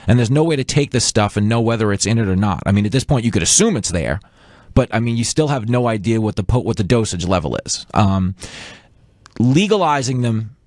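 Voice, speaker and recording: A man with a fairly low voice that swings widely as he riffs through jokes as a radio guest. The sound is dry and close, like a studio microphone. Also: brisk, no echo. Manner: animated riffing, jokey asides. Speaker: comedian guest. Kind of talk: joking radio talk.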